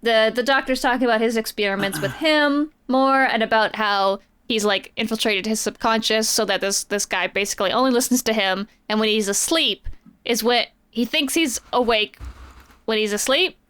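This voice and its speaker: A chatty woman with a fairly high, smooth voice recaps a comic story for a podcast. She talks casually and drops playful quoted lines into her retelling. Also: moderate pace, fairly bright tone. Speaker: podcast co-host.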